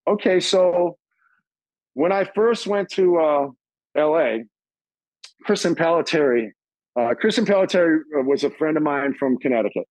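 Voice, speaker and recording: A middle-aged man telling stories as an interview guest, casual and profane, acting out quoted voices in a higher pitch. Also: expressive, moderate pace, pauses often, darkish tone, no room sound, low-quality recording.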